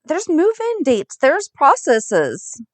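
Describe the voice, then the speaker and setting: Woman chiming in on a podcast, higher voice that jumps around, dry close sound. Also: huge pitch swings, no room sound. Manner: chimes in with quick reactions and qualifiers. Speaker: podcast co-host. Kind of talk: casual podcast chat.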